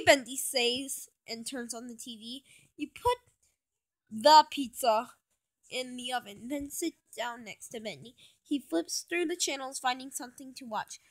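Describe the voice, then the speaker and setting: A young woman reading her own fan story aloud, stumbling and restarting often. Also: sits high. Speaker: fan fiction reader.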